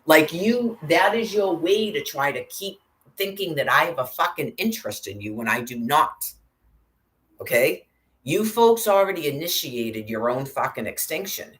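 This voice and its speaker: A woman's voice: low-pitched, fairly bright tone. A woman in an agitated, profanity-filled angry monologue to camera. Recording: roomy echo.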